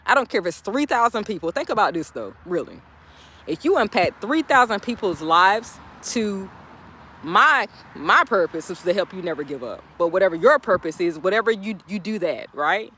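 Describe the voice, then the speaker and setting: A woman motivational speaker, talking outdoors in an animated, laughing vlog pep talk. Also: medium pitch, normal speed, husky. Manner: animated, laughing often, talking straight to viewers. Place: outdoors, birds in background.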